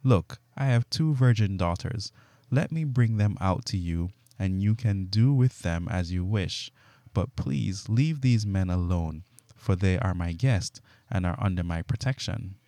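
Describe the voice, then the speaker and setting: An anxious man begs and pleads urgently, voiced by a male scripture reader. His voice is low and mellow, dry and close. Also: a little slow, no room sound. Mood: begging. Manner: begging, urgent. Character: anxious begging male host.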